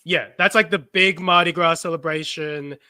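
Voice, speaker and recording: Bright, chatty Australian man. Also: on the high side, moderate pace, no room sound. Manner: animated, chatty, self-interrupting. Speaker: podcast co-host. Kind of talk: casual chat.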